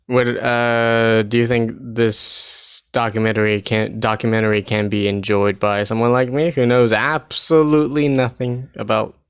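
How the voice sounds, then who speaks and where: A man's voice: mid-range voice, little pitch movement, a little slow, few pauses, a bit bright, smooth, no room sound, studio quality. A man co-hosting a podcast, asking short, curious questions. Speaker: podcast co-host. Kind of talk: casual podcast chat.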